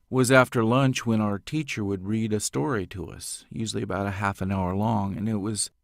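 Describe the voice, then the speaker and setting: Slow, low-voiced man in a dry booth. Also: vocal fry, a little mellow, dry recording. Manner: measured, explanatory. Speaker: audiobook narrator. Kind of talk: recorded interview answers. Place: closet sound booth. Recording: dead dry home booth.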